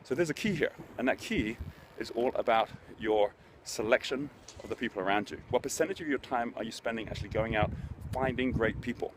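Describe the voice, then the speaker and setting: Over a noisy background, a middle-aged business speaker hosts a motivational talk, his storytelling earnest and conversational. He has a medium-pitched voice and talks a little fast.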